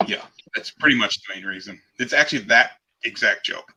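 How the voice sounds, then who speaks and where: A man's voice: lowish voice, fairly quick, sharp tone, a little hiss or hum, rough recording. A man hosting a live joke stream, bantering casually, mocking himself and adding rimshot noises after punchlines. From half Mexican heritage. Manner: goofy, self-mocking, adds rimshot sound effects.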